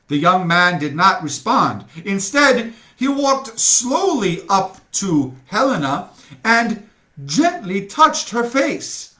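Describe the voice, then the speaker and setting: Male storybook reader, slow and lively, bright tone, chatty asides, echoey room. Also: high-pitched. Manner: chatty, laughing asides to listeners. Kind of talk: read-aloud storytelling with asides.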